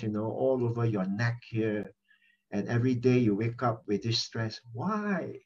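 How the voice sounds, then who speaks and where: Middle-aged male pastor, husky voice, animated and repetitive, dull phone-line sound. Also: mid-range voice. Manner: animated, repeats key phrases for emphasis. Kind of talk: conversational sermon over a prayer chatline.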